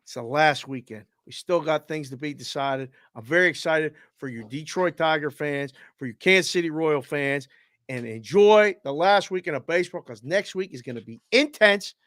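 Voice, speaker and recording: A man co-hosting a sports betting show who tells stories in an animated, profane way. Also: fairly high pitch, normal speed, no room sound, studio quality. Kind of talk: casual sports betting chat.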